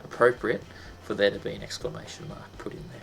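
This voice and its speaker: Gravelly-voiced man teaching punctuation. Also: on the low side, little pitch movement, fast talker. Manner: chatty, many ums and restarts, bursts into sound effects. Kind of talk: casual explainer lesson.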